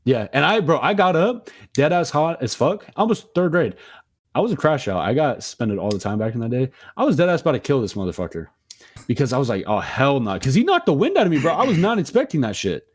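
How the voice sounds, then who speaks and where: A young man co-hosting a podcast, telling a story in a slangy, profane, animated way. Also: fairly high pitch, fast. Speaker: podcast co-host. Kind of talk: casual storytelling chat.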